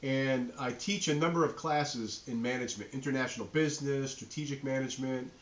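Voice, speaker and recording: A man's voice: medium pitch, fairly quick, echoey room. A middle-aged man from New Hampshire with a New England accent, an enthusiastic university instructor introducing his course to students. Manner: enthusiastic, friendly, addresses students directly.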